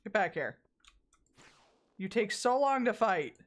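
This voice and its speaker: A woman's voice: medium pitch, very animated, takes it slowly. A woman streamer chatting casually while playing a game, often exasperated, rambling and swearing at it. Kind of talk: casual gameplay chat.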